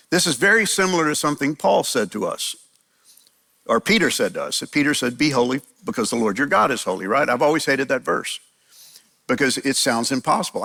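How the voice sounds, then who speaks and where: A man's voice: mid-range voice, creaky, sharp tone. A man preaching a conversational sermon, often restarting his phrases. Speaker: pastor.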